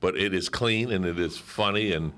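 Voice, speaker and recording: A man co-hosting a radio chat, playful and teasing, with quick interjections. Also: low voice, fairly bright tone. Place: radio studio.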